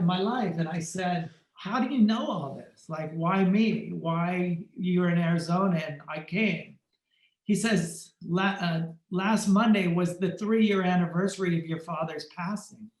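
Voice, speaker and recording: A man, a photographer on a podcast, telling a personal story and acting out the dialogue in lively shifting tones. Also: sits high, unhurried, echoey room, poor audio. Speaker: podcast guest, fashion photographer.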